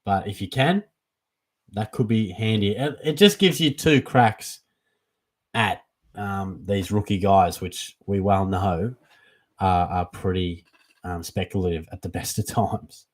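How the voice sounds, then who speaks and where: A young Australian man hosting a casual live Q&A for a fantasy football stream, chatty and relaxed, calling everyone mate. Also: low voice, unhurried. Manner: laid-back and chatty, calls everyone mate. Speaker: fantasy football livestream host. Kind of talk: casual live Q&A, reading chat questions.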